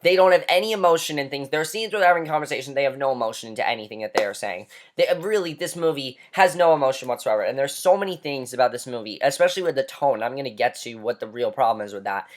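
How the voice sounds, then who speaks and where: A man's voice: medium pitch, animated, fast, few pauses. A man ranting through a movie review, heated, blunt and emphatic, swearing now and then.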